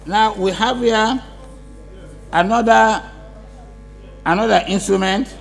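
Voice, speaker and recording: A man's voice: sits high, slow pace, gravelly, soft background music. A man presiding as speaker of parliament, firmly ruling on points of order and emphatic when he disagrees. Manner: firm, emphatic, interrupting. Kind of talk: chairing a parliamentary debate. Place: parliament chamber.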